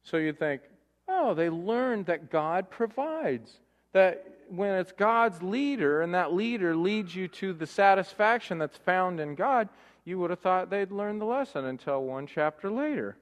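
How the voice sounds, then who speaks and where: A male pastor delivering a lively sermon in a fairly high voice, peppering it with rhetorical questions. He slips into mock-whining voices to act out grumbling crowds. His words ring out with a long reverb, as if from a large church hall. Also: a little slow. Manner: animated, rhetorical questions, mock-complaining voices for comic effect.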